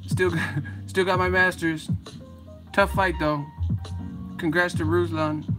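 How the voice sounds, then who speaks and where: A man voicing a chipper, easygoing young male boxer with a relaxed, upbeat manner. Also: high-pitched, slow, music in the background, voice pushed up. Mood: cheery. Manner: upbeat, relaxed surfer-ish.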